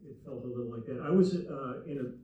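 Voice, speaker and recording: An older man, a guest musician, recalling his early studio years in a measured, reflective way. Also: medium pitch, phone-quality sound, a little hiss or hum. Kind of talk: relaxed recollection. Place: theater stage before an audience. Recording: very echoey hall, distant mic.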